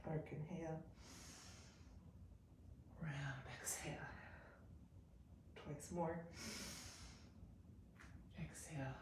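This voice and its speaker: Low-voiced woman guiding yoga, echoey room. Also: far from the mic, noisy background. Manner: calm, unhurried cueing with breath counts. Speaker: yoga teacher. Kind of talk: guided yoga instruction.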